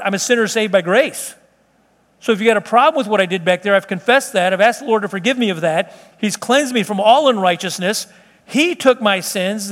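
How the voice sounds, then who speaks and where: In a church sanctuary full of long, echoing reverb, a pastor preaches from the pulpit, hammering his points home by repeating them emphatically. His voice sits high with a slightly bright quality.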